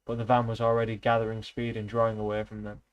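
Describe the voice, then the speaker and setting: A man's voice: lowish voice, completely flat delivery, fast talker, smooth, muffled recording. Man reading a novel aloud, loose and casual. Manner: loose, with slips and restarts. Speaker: reader, streamer.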